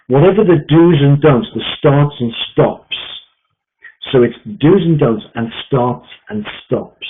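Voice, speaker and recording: A man's voice: a little high, animated, measured pace. A man coaching a group on sales mindset, emphatic and repetitive with frequent fillers. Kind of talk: coaching session talk. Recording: tinny phone-like line.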